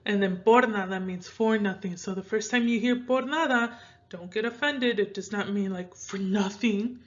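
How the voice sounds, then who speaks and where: A woman's voice: mid-range voice, moderate pace. Midwestern girl from minnesota chatting thru a spanish lesson, lots of ums, kinda muffled lo-fi audio. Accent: American Midwest. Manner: chatty, rambling, with many fillers. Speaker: Spanish teacher. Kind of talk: casual language lesson.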